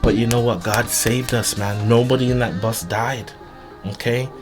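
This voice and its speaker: A man at an ordinary speaking pitch tells his audience a harrowing personal story. He speaks earnestly, often stopping, restarting and doubling his words as he works through it. Faint music plays in the background. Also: fairly even intonation. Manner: halting, with frequent restarts and repeated words; earnest, emphatic retelling. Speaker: vlogger.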